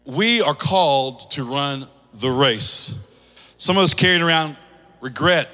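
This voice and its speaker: A male pastor preaches in a high, bright voice, moving from hushed asides to animated quoted voices. His sermon rings out in a hall with a long reverb tail. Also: unhurried. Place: church hall.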